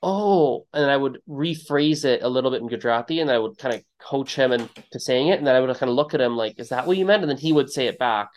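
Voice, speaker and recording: A man hosting a podcast interview in a relaxed conversational way, telling stories and acting out what people said with sudden jumps in his voice. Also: fast talker, hardly any pauses. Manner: storytelling, acts out quotes with big pitch jumps. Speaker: podcast host.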